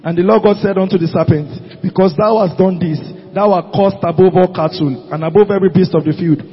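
A man reading scripture aloud during a church service, steady and measured, with an occasional slip. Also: high-pitched, slightly rough. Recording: dull, lo-fi recording in a reverberant hall.

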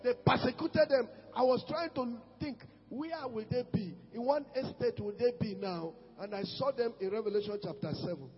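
A man preaching a fervent sermon, shouting out lines, repeating phrases and reading scripture aloud. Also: very high-pitched, normal speed, hardly any pauses, in a large hall, dull audio.

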